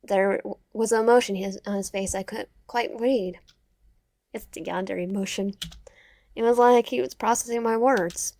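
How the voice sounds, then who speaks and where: A woman reading a dating game aloud, voicing the narration with expressive, sarcastic asides. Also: medium pitch, normal speed. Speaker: gamer.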